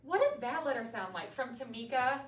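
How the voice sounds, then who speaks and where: Teaching third graders to read, a young woman asks her pupils lively, encouraging questions in a voice that sits high, at a normal speed. The mic is distant, across an echoey classroom, and there's a little hiss or hum along with faint classroom ambience.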